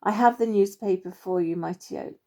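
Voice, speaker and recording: A woman's voice: mid-range voice, brisk, dark tone, natural voice. A woman voicing a formal, old-fashioned male bird major who speaks in clipped, proper phrases. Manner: clipped, formal, stiff-upper-lip phrasing.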